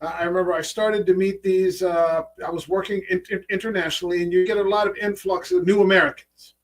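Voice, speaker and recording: Man in his 50s, high-pitched voice, off-mic, profane storyteller, casual chat. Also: steady tone, fast, far from the mic. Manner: profane, storytelling, acts out his own past remarks. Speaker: podcast host.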